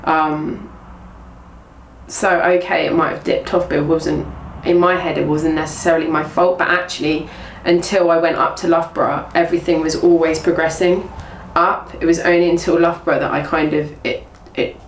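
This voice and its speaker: Speaking with a flat delivery at a moderate pace, a young woman from England who was once an athlete rambles chattily through her story in a casual storytelling interview, often restarting and reporting speech. Her voice sits a little low, captured by a distant mic in a roomy, echoey space with faint background noise.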